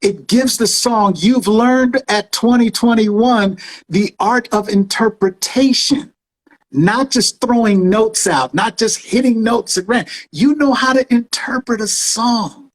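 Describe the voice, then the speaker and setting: A man's voice: sits high, measured pace, poor audio. Fifties guy hosting a web show, gushing, sermon-ish rhythm, talks to viewers like family. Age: 50s. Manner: effusive, preacher-like cadence, addresses audience as family. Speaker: show host. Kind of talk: enthusiastic interview chat.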